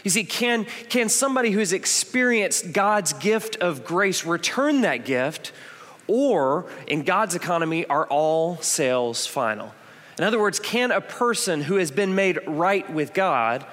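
A man's voice: fairly high pitch, fairly bright tone. A man in his thirties preaching a sermon as a pastor, telling stories in a conversational way and stressing points with repetition. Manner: conversational storytelling, emphatic repetitions. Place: church auditorium. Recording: long reverb of a church hall.

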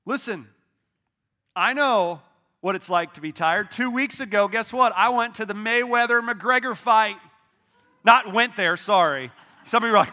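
A middle-aged pastor preaching from a church stage in a lively, conversational way, pulling the congregation into call-and-response. His voice sits high for a man. It has a bright, forceful edge. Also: normal speed. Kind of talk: sermon.

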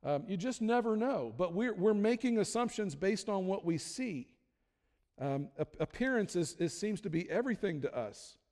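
Casting: man, pastor, slightly high voice, chatty self-deprecating sermon, reverberant church hall. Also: lively intonation, moderate pace, a little mellow. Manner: conversational, self-deprecating humor, frequent restarts.

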